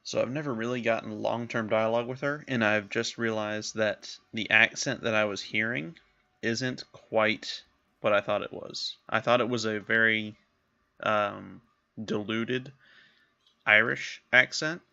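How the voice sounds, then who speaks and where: Guy rambling over his game, gravelly bright voice, kinda muffled. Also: fairly low pitch, steady tone, a little slow. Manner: chatty, self-amused. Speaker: let's play host. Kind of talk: casual gameplay commentary.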